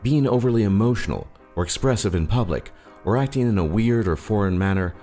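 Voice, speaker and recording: A man with a low voice reads scripted narration, and his pitch rises and falls a lot as he goes. He keeps a wry, joking tone, and soft music plays quietly behind him. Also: lively intonation, a little fast. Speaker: narrator of a list video.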